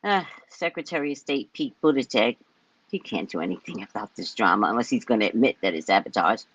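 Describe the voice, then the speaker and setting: A woman's voice: a bass voice, lively intonation, brisk, breathy edge, no room sound, highs cut off. An older woman hosting a psychic show, reading the news aloud and bluntly mocking it with profanity in a casual rant. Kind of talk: casual live-stream rant.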